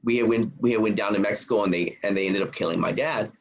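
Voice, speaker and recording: A man telling personal stories as a guest on a podcast, animated, acting out what people said and laughing often. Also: on the low side, fast, creaky. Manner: animated storyteller, acts out quotes, laughs often. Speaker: guest speaker and author. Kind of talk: storytelling in a podcast interview. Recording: dull lo-fi podcast audio.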